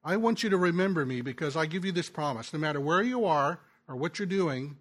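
Male pastor, sermon delivery, conversational storyteller, somewhat high-pitched, stumbles and restarts. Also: expressive, fairly quick. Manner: conversational storytelling, drops soft and quiet in tender moments; frequent restarts and stammers. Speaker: pastor and ministry teacher.

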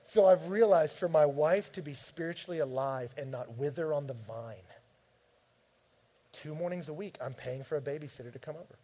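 A man preaches to his congregation, telling stories from home. His delivery is animated and direct, and his voice sits a bit higher than most men's. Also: fairly quick, hardly any pauses. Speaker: pastor. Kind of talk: sermon.

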